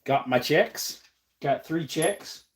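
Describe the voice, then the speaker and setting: A man's voice: fairly high pitch, slow pace. A young man with a stuffed-up nose, hosting a casual livestream and chatting easygoingly with viewers while he works. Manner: easygoing, reads chat aloud and answers. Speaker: livestream host.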